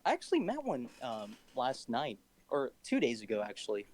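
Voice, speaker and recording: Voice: mid-range voice, huge pitch swings, moderate pace, a crowd in the background. A speaker in a casual group chat, playful and hesitant.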